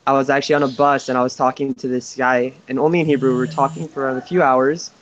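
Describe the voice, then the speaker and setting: An American man joining a video call from abroad, telling stories in an animated, chatty way. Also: mid-range voice, fast, highs cut off. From United States. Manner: lively, animated, laughs between anecdotes. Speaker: participant calling in from Israel. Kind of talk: casual storytelling chat. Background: birds chirping.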